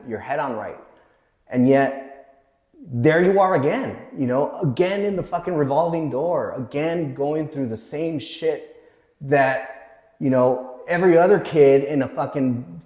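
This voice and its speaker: Man, mid pitch, blunt and profane storyteller, recorded in a roomy space with a long reverb tail. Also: a little mellow. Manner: blunt, swears freely, retells scenes in others' words. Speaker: guest sharing his recovery story. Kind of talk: candid personal storytelling. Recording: echoey room with long reverb.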